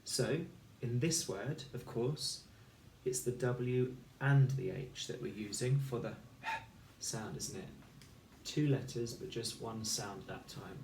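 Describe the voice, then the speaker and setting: Man, phonics teacher, unhurried careful speech, sounds out letters, echoey room, set back from the mic. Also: mid-range voice, a little mellow, far from the mic, slight background noise. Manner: slow, clear, sounds out letters and words. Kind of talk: recorded phonics lesson for children.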